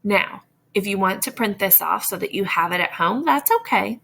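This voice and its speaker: A woman teacher giving a phonics lesson to young children, sounding out letters slowly and clearly. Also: medium pitch, lively intonation, fairly bright tone. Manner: slow, exaggerated sounding-out of letters.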